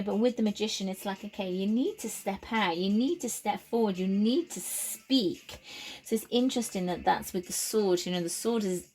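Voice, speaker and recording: A British woman doing a casual tarot reading, talking in a meandering, musing way with frequent fillers and soft laughs. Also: on the low side. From United Kingdom. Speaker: tarot reader.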